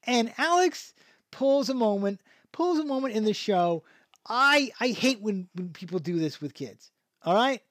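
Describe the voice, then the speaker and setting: This podcast host has a high, expressive, slightly bright voice and speaks unhurriedly, rambling through a casual show review with many restarts and frequent chuckles. The sound is clean studio quality with no echo.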